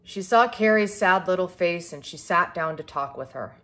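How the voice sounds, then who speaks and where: A woman reading a children's picture book aloud to a young child in a clear, expressive way. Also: lowish voice, moderate pace. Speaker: storybook reader.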